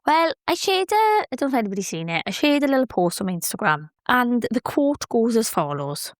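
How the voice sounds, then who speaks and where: A woman's voice: fairly high pitch, sing-song, fairly quick, no echo, clean studio sound. A young woman hosting a motivational podcast, chatty and encouraging, cheering her listeners on. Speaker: podcast host.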